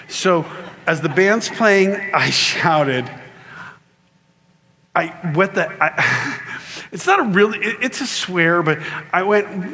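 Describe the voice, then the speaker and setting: A high, bright-voiced man tells a funny story from a conference stage. He jumps into other people's voices, swings his pitch up and down, and laughs his way through the lines. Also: normal speed. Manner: animated, acts out voices, laughs often. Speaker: conference keynote speaker. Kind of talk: comedic storytelling sermon. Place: large conference hall.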